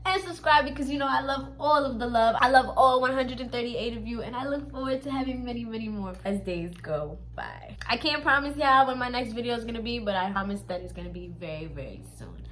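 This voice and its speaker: A woman's voice: a little high, brisk, hardly any pauses, a bit bright. A young woman vlogger telling a storytime to her viewers in a blunt, profane, emphatic way, speaking right to them. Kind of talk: casual storytelling to camera.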